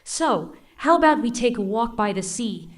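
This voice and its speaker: A woman's voice: on the high side, very animated, moderate pace. A synthetic woman voicing a chirpy English seaside local. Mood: cheerful. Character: cheerful seaside woman, friendly, outgoing. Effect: synthetic text-to-speech voice.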